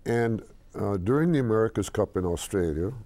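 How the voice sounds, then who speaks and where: A man's voice: fairly low pitch, lively intonation, brisk, dark tone. An older man telling a story as an interview guest, hesitant and full of restarts, who acts out the voices of the people in it. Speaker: interview guest, company chairman.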